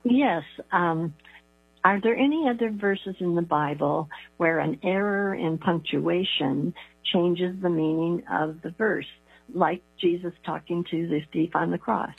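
Female radio caller, phone-line audio with hum, gravelly tone, hesitant. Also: on the low side, unhurried, dry recording, soft background music. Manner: asks a question hesitantly.

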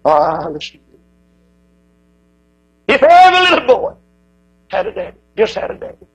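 A man's voice: huge pitch swings, normal speed, long pauses, breathy edge, low-quality recording. A man preaching a sermon, telling stories dramatically and acting out the voices in them. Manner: dramatic storytelling with swooping pitch, acting out quoted voices.

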